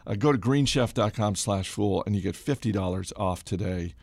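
Middle-aged male podcast host, animated and self-deprecating, low and gravelly. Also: moderate pace, no echo. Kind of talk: casual chat with host-read ad.

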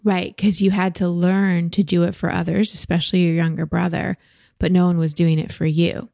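A woman hosting a podcast, giving slow, gentle, reassuring emotional coaching to a guest. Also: fairly low pitch, little pitch movement, vocal fry, dry recording, studio quality. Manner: gentle, slow, reassuring advice with soft laughs. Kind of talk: coaching conversation.

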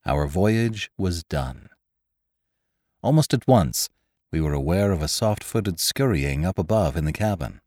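A man reading a classic adventure story aloud as scripted narration, in a measured, expressive way. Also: low voice, no room sound, clean studio sound. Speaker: audiobook reader.

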